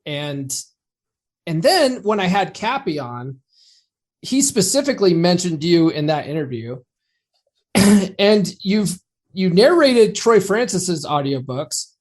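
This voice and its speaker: A man's voice: high-pitched, very animated, takes it slowly, a little mellow. A man hosting a podcast interview, chatting in an easygoing way and laughing often. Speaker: podcast host. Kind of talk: casual interview chat.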